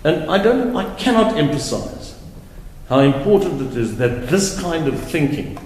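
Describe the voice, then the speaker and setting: A male advocate giving a deliberate, emphatic courtroom argument, repeating words for stress. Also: a little high, sing-song, a little mellow, slight background noise. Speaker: advocate arguing an appeal. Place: large courtroom. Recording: very echoey courtroom with long reverb.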